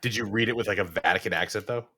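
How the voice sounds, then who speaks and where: A man's voice: on the low side, very fast, pushed and bright. A man co-hosting a podcast in casual chat, joking and laughing often. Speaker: podcast co-host.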